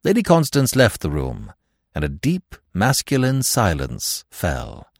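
A man reading a classic novel aloud as the narrator in an expressive storytelling manner. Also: fairly low pitch, unhurried, no room sound, studio quality. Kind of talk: scripted audiobook narration.

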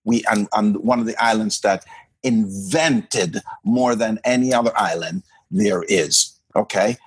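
A man's voice: fairly low pitch, a little slow, breathy edge, no room sound. A man from Jamaica co-hosting a podcast, talking in an emphatic casual way and often restarting his words. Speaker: podcast co-host. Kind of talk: casual chat.

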